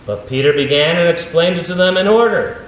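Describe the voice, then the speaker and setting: A man preaching a sermon, teaching through a Bible passage with emphatic, animated delivery and dramatic pauses. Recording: echoey room with faint rumble.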